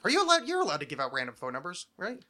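Light-voiced male podcast host from New Jersey, fairly high and bright, rambling and jokey. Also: huge pitch swings, very fast. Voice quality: light, not resonant. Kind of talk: casual podcast chat.

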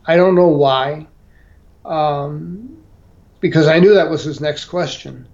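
A man's voice: on the high side, slow pace, darkish tone. A man telling a personal story as a guest, hesitant, with many fillers and restarts. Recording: dull lo-fi audio.

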